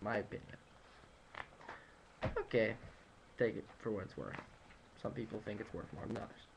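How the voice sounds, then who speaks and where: A man's voice: fairly low pitch, expressive, normal speed, creaky, a little hiss or hum, poor audio. A man giving an informal talk on food trends, rambling through figures with many fillers, restarts and joking asides. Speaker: nutrition presenter. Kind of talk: casual informal lecture. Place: home room at sunrise.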